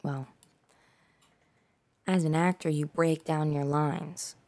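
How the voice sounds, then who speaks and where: A young woman hosts her own podcast in a loose solo monologue. Her voice sits low and carries a gravelly fry as she rambles from thought to thought. She swears freely and fills her talk with "like" and "dude". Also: steady tone, slow pace, a little mellow. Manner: rambling, profane, lots of "like" and "dude". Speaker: podcast host.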